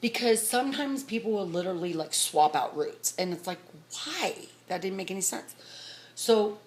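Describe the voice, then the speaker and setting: A middle-aged woman telling a rambling story to her vlog audience, talking fast and excitedly. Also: medium pitch. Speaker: vlogger. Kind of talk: casual storytelling to camera.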